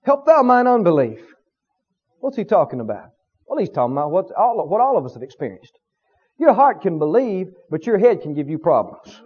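A man's voice: on the high side, sing-song, fairly quick, breathy edge, muffled recording. A man preaching a sermon with emphasis, often asking the congregation questions.

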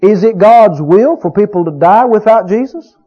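A male preacher with a high voice that swings widely as he drives each point home. He fires rhetorical questions at the congregation in an emphatic sermon cadence. The recording is dull and lo-fi. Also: lively intonation, normal speed, husky.

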